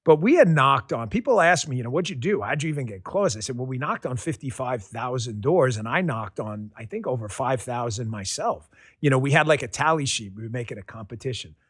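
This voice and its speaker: A man hosting a podcast interview, telling stories in a relaxed, rambling way with lots of fillers and restarts. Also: mid-range voice, brisk, dry recording, clean studio sound. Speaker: podcast host. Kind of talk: conversational interview storytelling.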